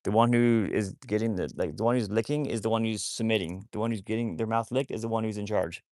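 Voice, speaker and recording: A man's voice: fairly low pitch, steady tone, quick pace, darkish tone, no echo. A man hosting a casual livestream about rescuing wolfdogs, rambling with many restarts while he talks to his dogs.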